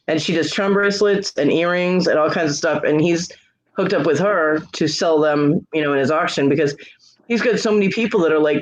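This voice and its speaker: A woman co-host in casual chat, animated and quick to laugh. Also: low-pitched. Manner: animated storyteller, laughs often. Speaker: podcast co-host. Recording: dull lo-fi recording.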